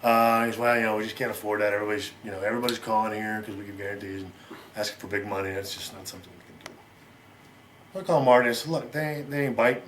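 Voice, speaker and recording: Middle-aged American man, interview guest, rapid rambling storyteller, faint noise bed. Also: on the low side, fairly even intonation, a bit bright. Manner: rapid, rambling, acts out quoted lines.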